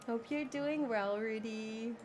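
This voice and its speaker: A woman's voice: a little high, takes it slowly, darkish tone, slight background noise. A woman streaming a zoo-building game live, chatting, exclaiming in frustration, laughing and thanking viewers by name. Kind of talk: live gameplay stream chat.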